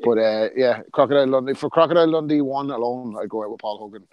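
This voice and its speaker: A man's voice: medium pitch, fast, no room sound, dull audio. A man from Australia co-hosting a podcast, chatting casually about boxing, blunt, swearing and full of fillers. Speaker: podcast co-host.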